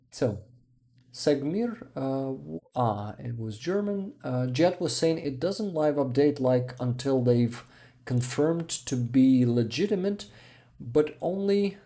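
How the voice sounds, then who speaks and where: Tired male streamer, mellow low-key voice with gravel, reading chat in a halting way. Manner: hesitant, halting, full of restarts, with soft chuckles. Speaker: livestream host. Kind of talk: casual livestream chat, reading viewer comments.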